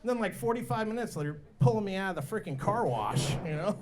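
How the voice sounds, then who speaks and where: A man with a high, lively voice works through a stand-up set at a bar comedy night. He talks casually and leaps up into squeaky voices whenever he plays the other people in his stories. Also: quick pace, noisy background. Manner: animated, jumps into high-pitched voices for other characters.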